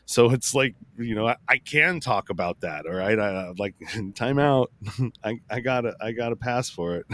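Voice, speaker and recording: A male podcast host in loose political conversation, talking in rambling bursts full of restarts. His voice sits at an ordinary middle pitch. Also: normal speed. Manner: rambling, restarts, animated retelling. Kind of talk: casual political chat.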